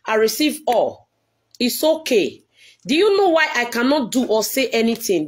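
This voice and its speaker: A woman, a church leader, giving an earnest, pleading video address to her followers and repeating herself often. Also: sits high.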